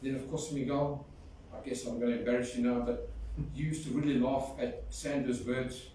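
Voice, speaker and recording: Mellow and medium-pitched, his voice keeps a fairly even intonation at normal speed while he fondly recounts stories in a funeral eulogy and sings a folk song. Picked up from afar in a large echoey hall, the audio carries faint noise.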